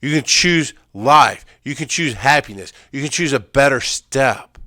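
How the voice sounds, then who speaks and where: A man's voice: medium pitch, lively intonation, measured pace, pushed and bright, no room sound, clean studio sound. A middle-aged man, an EMS worker, candidly telling a painful personal story in an intense, emphatic way, often repeating phrases.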